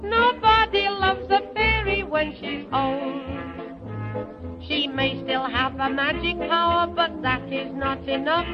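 A woman's voice: high voice, fairly even intonation, slow pace. A woman singing as a wry, aging fairy queen. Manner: bright sung music hall delivery with chuckles. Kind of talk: music hall song. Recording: old dull record with loud band.

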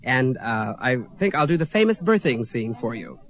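A man performing theatrical, campy stage comedy patter with quick asides. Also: medium pitch, big pitch swings. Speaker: drag comedian.

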